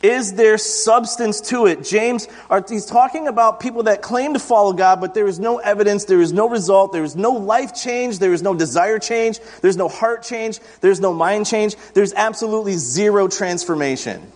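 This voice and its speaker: A man's voice: high-pitched, moderate pace, few pauses, a little mellow. A man in his thirties preaching an interactive sermon, asking the congregation questions and telling self-deprecating stories in a conversational way. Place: church sanctuary. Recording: long church reverb.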